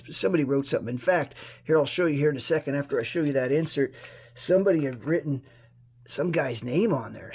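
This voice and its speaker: Hoarse, chatty man vlogging. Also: high voice. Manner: chatty, rambling, self-talk. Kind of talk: casual home vlog. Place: room at home. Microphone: action camera on a mini tripod.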